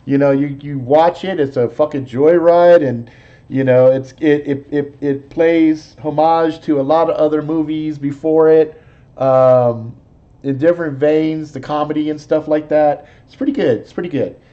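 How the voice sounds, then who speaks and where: A man's voice: a little high, fairly even intonation, unhurried, highs cut off. A man hosting a live show, chatting casually in a profane, rambling, laid-back way. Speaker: host. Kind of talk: casual chat, movie talk.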